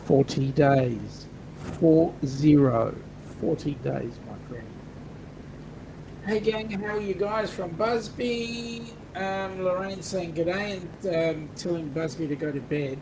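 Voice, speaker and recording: A man's voice: high-pitched, slow pace, noisy background. A man with an Australian accent, co-hosting a casual livestream and reading out viewer comments with jokes. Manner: reads out viewer chat comments, joking. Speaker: co-host.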